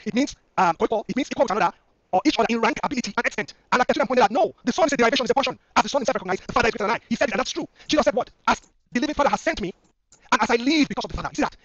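Rapid-fire, high-voiced man debating. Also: fairly bright tone, dry recording. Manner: impassioned, rapid-fire argument with repeated restarts. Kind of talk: online debate argument.

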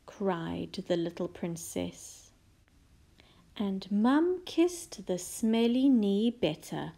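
A woman reading a children's picture book aloud in a very slow, expressive way, dropping now and then into a soft whisper. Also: on the low side. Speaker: storyteller.

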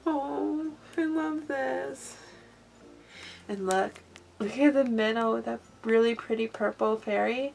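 Gushing high-voiced woman with vocal fry. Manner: gushing, effusive, frequent gasps and laughs. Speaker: craft channel host. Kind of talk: unboxing vlog chat.

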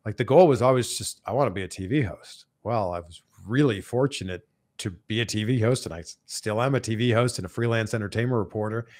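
A man's voice: lowish voice, a little fast. A Canadian man, a TV host and entertainment reporter, talking as a guest in a casual interview, upbeat and full of "like" fillers. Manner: animated, enthusiastic, many "like" fillers.

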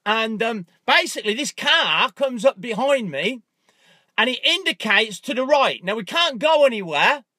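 Male vlogger in his car, high bright voice, dry close mic, lively storyteller who bursts into loud acted-out anger. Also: normal speed, dry recording. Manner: animated storyteller, acts out his own angry thoughts with loud outbursts and swearing. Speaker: motivational vlogger. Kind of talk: casual vlog, talking to camera. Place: inside a parked car. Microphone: handheld phone camera.

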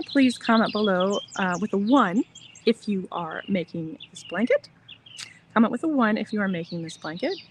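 A soft-spoken woman hosting a casual crochet livestream outdoors in the sun, chatting in a rambling, reassuring way. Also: mid-range voice, slight background noise. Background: birds chirping.

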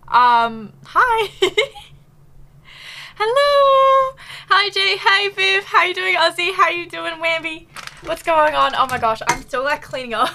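A woman's voice: extremely high pitch, expressive, slow pace, vocal fry, bright, forceful tone, slight background noise. A woman chatting casually on a live stream, bubbly and giggly, full of fillers, a little out of breath.

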